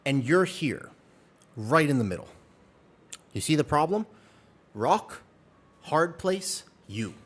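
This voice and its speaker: Young male streamer, animated pitch, playful and rambling with chat, casual livestream. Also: slow, pauses often.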